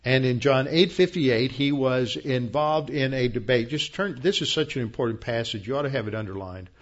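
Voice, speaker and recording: A man preaching a verse-by-verse Bible lesson in a plain explaining tone, often pausing on fillers and restarting sentences. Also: medium pitch, highs cut off. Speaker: pastor. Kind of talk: Bible teaching sermon.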